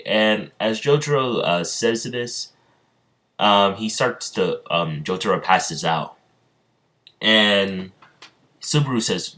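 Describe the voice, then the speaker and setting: A man's voice: lowish voice, takes it slowly, a bit bright. A man casually narrating an improvised fan story, rambling with many hesitations. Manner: rambling, many fillers and restarts.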